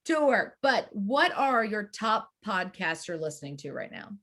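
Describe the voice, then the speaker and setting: Woman, podcast host, mid pitch, bubbly, agreeable, teasing. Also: sing-song, unhurried, fairly bright tone. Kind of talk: casual interview chat.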